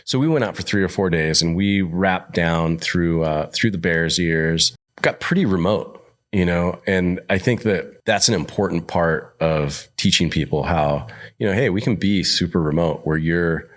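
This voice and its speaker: Podcast guest, man, 50s, from Montana: deep voice, rambling travel anecdotes, casual. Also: normal speed. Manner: rambling, animated when quoting others. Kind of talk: casual storytelling.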